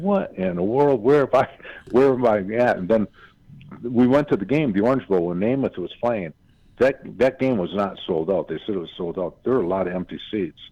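An older man from Michigan, a former football player, telling lively anecdotes on a radio show and acting out his family's voices. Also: deep voice, dull audio. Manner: animated anecdotes, acts out quoted family voices. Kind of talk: casual storytelling on radio.

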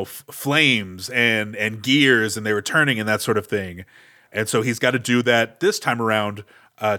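A man's voice: lowish voice, bright, forceful tone. A man co-hosting a podcast, musing wryly about an action movie in casual chat. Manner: wry, questioning, thinks aloud with fillers. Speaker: podcast co-host.

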